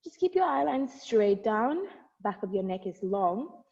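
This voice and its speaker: Sing-song and creaky, with a darkish tone, medium pitch and measured pace, a young barre instructor leads an at-home workout. She counts reps and cues moves encouragingly, laughing lightly and getting breathless at times. Wireless earbuds give the recording a dull lo-fi quality with long reverb.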